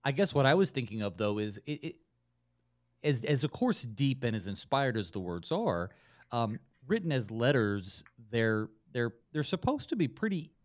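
A man's voice: medium pitch, very animated, moderate pace, dry recording. A man, a pastor, hosting a radio Bible study show and chatting with fillers and restarts.

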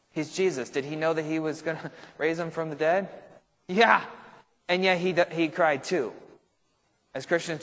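Man teaching Bible study, reverberant room. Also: fairly high pitch. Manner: conversational, checks in with frequent "right?"; thinks aloud with restarts and asides. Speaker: pastor.

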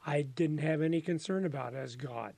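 A man, a pastor, talking through a Bible passage in casual conversation, emphatic and quick to laugh. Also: a little high, gravelly, dry recording. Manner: animated, laughs often, emphatic storytelling.

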